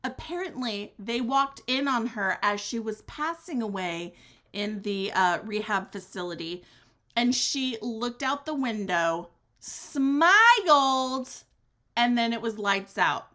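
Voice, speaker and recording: A woman hosting her own podcast, talking alone in a blunt, sassy way, swearing freely and swinging her pitch for drama. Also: lively intonation, slow, sharp tone. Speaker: podcast host. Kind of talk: candid solo podcast monologue.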